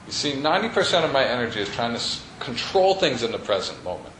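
A man leads a meditation class in a studio, talking casually to the group with many fillers. His pitch moves up and down a lot. The room is echoey, with faint ambience behind him. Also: sing-song, quick pace, background noise. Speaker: meditation teacher. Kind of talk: teaching a class.

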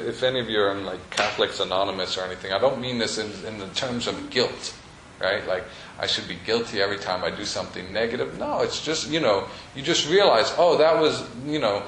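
A man's voice: mid-range voice, fairly bright tone, a little hiss or hum. A man teaching a meditation class in a studio, talking casually with plenty of fillers. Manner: casual, conversational, with many fillers. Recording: echoey room, faint ambience.

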